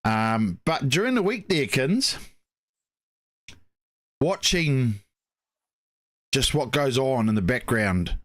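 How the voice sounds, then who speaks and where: A man's voice: medium pitch, sing-song, slow, pauses often, no room sound. A man co-hosting a racing show, telling long rambling stories full of "mate, you know". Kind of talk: casual chat.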